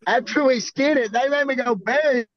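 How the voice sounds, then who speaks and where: A man's voice: extremely high pitch, normal speed, a bit bright, dull audio. A man from Arkansas with a Southern accent, telling rowdy stories in a casual, profane, laid-back way as a podcast guest. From Arkansas, USA. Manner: profane, laid-back drawl, laughing storyteller. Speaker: podcast guest, bull rider. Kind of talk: casual storytelling.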